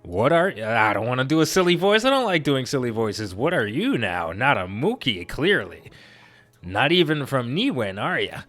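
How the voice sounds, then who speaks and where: A man's voice: mid-range voice, big pitch swings, normal speed, fairly bright tone, pitched above the performer's own voice. A man voicing a chatty wandering male forest creature in a silly, folksy put-on voice for a video game. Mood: friendly, curious.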